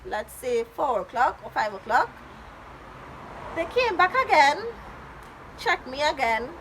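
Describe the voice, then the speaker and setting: A woman vlogger telling a story in a casual storytime style, animated and dramatic, often quoting other people in her retelling. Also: sits high, a little slow, a little hiss or hum, rough recording.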